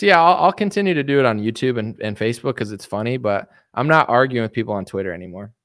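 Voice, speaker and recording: A man's voice: mid-range voice, expressive, fast, few pauses, fairly bright tone, no echo, studio quality. A man hosting a livestream, ranting casually about politics in a boastful, combative, sarcastic way. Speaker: livestream host.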